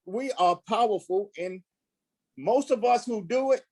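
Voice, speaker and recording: A coach speaks in a halting, stop-start way, repeating words as he pushes his point. His voice sits high for a man. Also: dark tone. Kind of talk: casual discussion.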